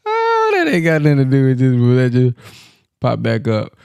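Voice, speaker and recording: Male host, animated and gravelly, folksy and loose. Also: medium pitch, moderate pace. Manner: lively, laughing, folksy exclamations. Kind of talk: casual chat.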